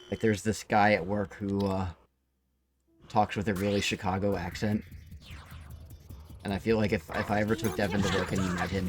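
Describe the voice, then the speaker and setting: A Midwestern American man talks loosely during a game stream, padding his sentences with fillers. His voice sits on the low side. Game music plays clearly under him. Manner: rambling, lots of fillers like "like" and "uh". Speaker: streamer and co-host.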